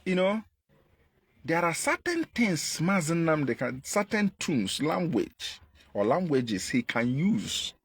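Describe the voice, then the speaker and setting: A man with a Nigerian Igbo accent delivering an impassioned political monologue, repeating his points and jumping in pitch for emphasis. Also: sing-song, slow pace, slightly rough, dry recording. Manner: emphatic, repetitive, pitch leaps when stressing. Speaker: activist commentator.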